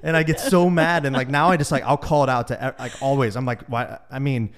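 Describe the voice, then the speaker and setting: A man's voice: mid-range voice, fairly even intonation, quick pace. A man hosting a casual interview, asking easygoing follow-up questions and joking along. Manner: easygoing, asks follow-ups, jokes with the guest. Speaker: podcast host.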